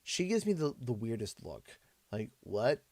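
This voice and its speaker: A man with a Canadian accent, hosting a livestream and telling a casual story in an animated, exasperated way. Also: medium pitch, moderate pace, no room sound. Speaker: livestream host. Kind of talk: casual storytelling while streaming.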